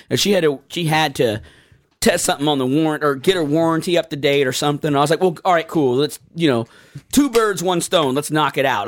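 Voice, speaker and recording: A man with a fairly high voice, telling long rambling stories in a loose, profane chat. He laughs a lot between lines. The sound is close and dry. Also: no echo. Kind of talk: casual chat, storytelling.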